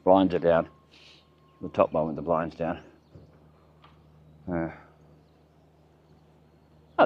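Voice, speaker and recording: An Australian vlogger walks beside the water, narrating in a rambling, chatty way and muttering asides into his handheld camera. His voice is low-pitched and a little mellow, and the recording sounds dull and lo-fi with faint outdoor noise.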